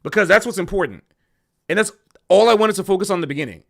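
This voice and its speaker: A fired-up man talking straight to his livestream, emotional and passionate. His voice is fairly high for a man and swings widely in pitch as he makes his points. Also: animated, fast talker, gravelly. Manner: emotional and passionate, says bro a lot. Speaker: jazz musician streaming a Q&A. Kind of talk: casual livestream rant.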